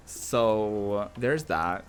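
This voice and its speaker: A man's voice: on the low side, very slow, soft background music. A man streaming a game, chatting casually with his viewers, giggling often and answering chat aloud. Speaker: Twitch streamer.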